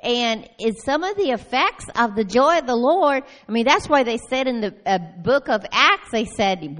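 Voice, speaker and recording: A woman giving an animated personal testimony at a church meeting, telling her story with frequent laughter. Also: fairly high pitch, normal speed, hardly any pauses. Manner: lively storytelling, often breaks into laughter. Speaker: church member sharing a testimony.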